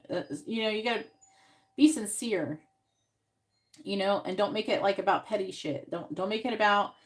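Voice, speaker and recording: A woman's voice: mid-range voice, normal speed. A woman giving frank, swear-laden advice as a psychic tarot reader on a live stream, coaching the client on what to say.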